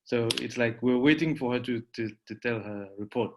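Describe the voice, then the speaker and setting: A man's voice: medium pitch, normal speed, slight background noise. Guy running a club meeting, lots of uhs, joking a bit. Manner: hesitant, many fillers, lightly joking. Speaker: meeting chair.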